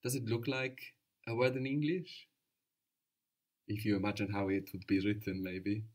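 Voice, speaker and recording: A man's voice: on the low side, flat delivery, normal speed, darkish tone. A man teaching a language lesson, explaining patiently step by step and prompting his student to answer.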